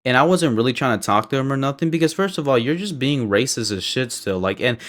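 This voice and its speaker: A young man telling a casual storytime monologue, rambling and profane, tagging "right?" onto his sentences and swinging between heated bursts and low mutters. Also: animated, fast talker. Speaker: storyteller vlogger.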